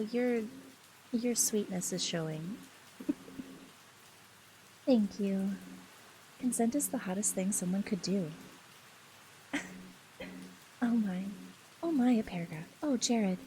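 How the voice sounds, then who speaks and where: A woman streamer chatting casually with her viewers, reading their messages aloud in a soft, affectionate, giggly way. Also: mid-range voice, takes it slowly, long pauses, slight background noise, poor audio.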